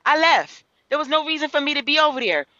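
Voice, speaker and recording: High, bright-voiced woman venting heatedly. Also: lively intonation, fast, no echo, dull audio. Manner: profane, heated, repeats herself while venting. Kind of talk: heated casual livestream chat.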